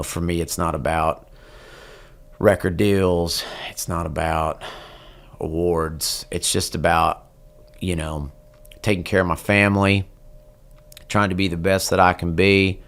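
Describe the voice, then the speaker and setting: Man, forties, very deep voice, gravelly, earnest reflective storytelling. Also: steady tone, a bit bright. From Texas. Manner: earnest, reflective, slowing down at key moments. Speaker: guest, country singer. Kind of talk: personal storytelling in an interview.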